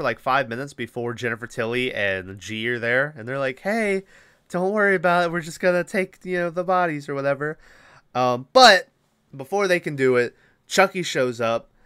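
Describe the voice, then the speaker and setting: Bright, crisp-voiced man recapping a movie. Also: medium pitch, no echo, clean studio sound. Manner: animated, swears freely, rambling with fillers. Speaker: podcast host.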